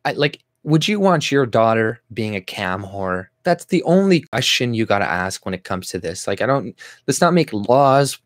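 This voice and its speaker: Blunt Canadian male channel host, mid-pitched and dry-sounding, ranting live with frequent swearing and filler words. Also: sing-song, normal speed, no echo. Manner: blunt, profane, heavy on fillers and restarts. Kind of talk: livestream rant reading viewer comments.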